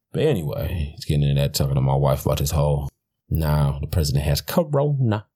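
A podcast host with a rumbling low, darkish, husky voice offers casual commentary. He's blunt and profane, rambling and restarting his sentences frequently.

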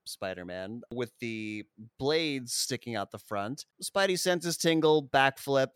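A man's voice: medium pitch, expressive, takes it slowly, fairly bright tone, clean tone, no room sound, clean studio sound. A man recapping a movie scene by scene in a casual, rambling way, swearing freely. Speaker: podcast co-host recapping a film. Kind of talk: casual profane film recap.

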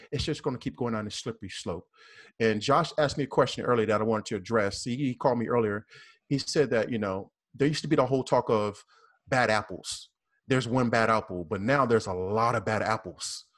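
A man's voice: mid-range voice, moderate pace. A man with a Southern US accent, a police officer speaking earnestly and with repetition as a guest in a casual panel discussion.

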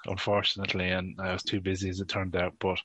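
A man's voice: deep voice, monotone, fast talker, bright, forceful tone, no room sound. Irish man telling a rambling story. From northwest Ireland. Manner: rambling storyteller, laughs often. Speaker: podcast guest. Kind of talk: casual chat. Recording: dull, dry lo-fi sound.

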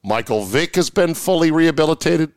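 A man hosting a sports talk podcast, his voice smooth and resonant with a lively, swooping pitch. He reads listener mail aloud and drops sardonic jabs in casual chat. The sound is close and dry, with no room around it. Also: fairly quick, no room sound. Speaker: podcast host.

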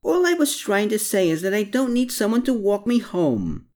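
A woman's voice: mid-range voice, very animated, normal speed, dark tone, voice pushed up, close to an everyday voice. A narrator voicing Anna, a spirited, independent young woman who teases and grumbles. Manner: teasing, grumbling.

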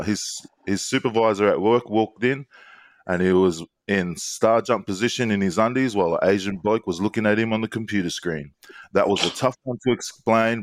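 A man's voice: lowish voice, no echo. A man, co-hosting a podcast and telling stories in a laid-back way with plenty of ums and laughter. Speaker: podcast co-host. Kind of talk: casual banter.

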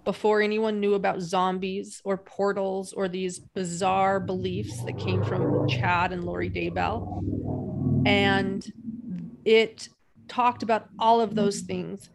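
A woman hosting a podcast interview, giving measured set-ups for her guest. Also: medium pitch, little pitch movement, gravelly, background noise. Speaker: podcast host.

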